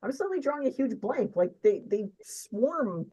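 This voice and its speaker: A woman's voice: fairly high pitch, sing-song, moderate pace, warm tone, slightly rough, low-quality recording. A woman co-hosting a casual live chat, rambling and wry. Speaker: co-host.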